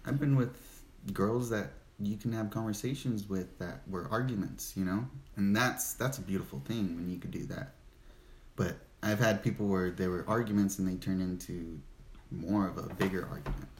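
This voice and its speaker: A man's voice: low voice, normal speed, darkish tone. A young man co-hosting a podcast, talking casually and rambling, swearing often. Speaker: podcast co-host. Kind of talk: casual chat. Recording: roomy with faint noise.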